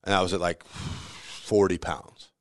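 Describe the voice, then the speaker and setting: A man's voice: low voice, measured pace, no room sound, clean studio sound. A man who owns a pizzeria, telling stories in a casual interview, acting out the voices of the people in them and laughing often. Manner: animated storyteller who acts out quoted voices, laughs often. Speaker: pizzeria owner.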